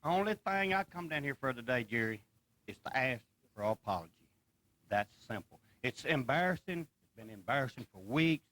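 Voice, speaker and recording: A man's voice: medium pitch, expressive, brisk, a bit bright, dry recording. A plain-spoken man, earnestly asking for an apology on live TV. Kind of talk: live TV wrestling segment.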